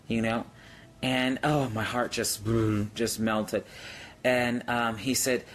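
Man, livestream testimony, slow-paced, awed and hesitant, middle pitch. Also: fairly even intonation, a bit bright, soft background music. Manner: earnest, awed storytelling with frequent hesitations. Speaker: Christian speaker sharing a vision. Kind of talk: livestream testimony, answering viewers.

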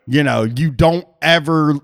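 A man's voice: on the high side, a little slow. A man hosting a podcast, telling stories in a loose, rambling way with restarts and casual swearing. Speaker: podcast host.

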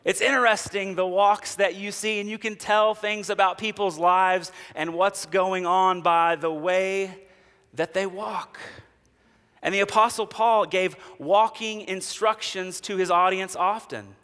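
A man's voice: high-pitched, fairly even intonation, measured pace, sharp tone, clear, resonant tone, in a large hall. A man preaching a sermon, telling humorous stories and acting out the people in them before moving into scripture. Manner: humorous storytelling, acts out quoted characters. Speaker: pastor.

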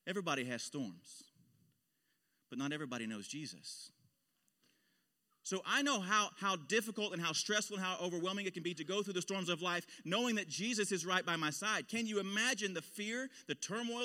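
A man's voice: high-pitched, sharp tone, long reverb tail. A male pastor preaching a sermon in an impassioned style, his voice swelling on key phrases. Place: church sanctuary.

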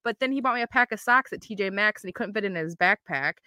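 A woman's voice: medium pitch, fast, no echo, clean studio sound. A woman co-hosting a podcast in casual chat, telling a story with lots of acted-out quotes and laughter. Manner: animated storyteller, acts out quotes, laughs often. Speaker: podcast co-host.

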